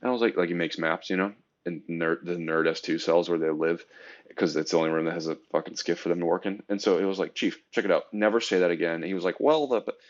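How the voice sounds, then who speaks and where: A man's voice: sits low, quick pace, highs cut off. A man on a podcast telling army stories in casual, profane bro-speak, acting out the voices of others. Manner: animated storytelling, acts out voices of others. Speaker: podcast co-host, army engineer veteran.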